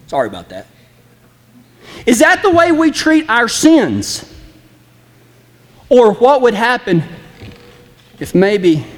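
Fiery preacher man, high lively voice. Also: long reverb tail. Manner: impassioned, folksy and direct, acting out flippant apologies. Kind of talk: sermon.

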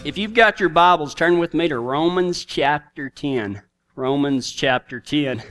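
Folksy Texan cowboy preacher. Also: male voice, on the high side, measured pace, fairly bright tone, faint music behind. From Texas. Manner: folksy drawl, storytelling. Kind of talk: storytelling sermon.

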